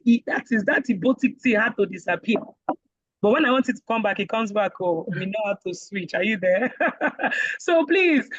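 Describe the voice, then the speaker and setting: A Nigerian woman teaching a casual online speaking class, lively and joking as she acts out voices. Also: fairly high pitch, dry recording, highs cut off. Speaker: IELTS speaking instructor.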